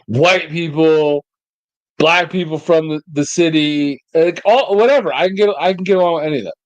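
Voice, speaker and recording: A man in his forties co-hosting a podcast, trading jokes in casual banter with a deadpan, teasing streak. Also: a little high, moderate pace, no echo. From United States. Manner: joking, teasing, deadpan asides. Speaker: podcast co-host.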